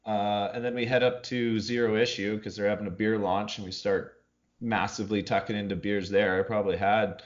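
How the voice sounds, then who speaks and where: A low-voiced man recounts a story in a relaxed, profane way, laughing as he goes. He talks casually on a podcast with friends, and the recording is slightly muffled. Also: a little fast. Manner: laid-back, profane, laughs often. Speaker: podcast co-host.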